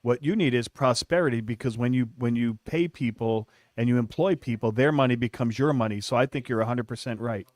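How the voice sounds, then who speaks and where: A man co-hosting a call-in radio show, chiming in with wry, deadpan asides. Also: mid-range voice, brisk, few pauses, no room sound. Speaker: radio co-host.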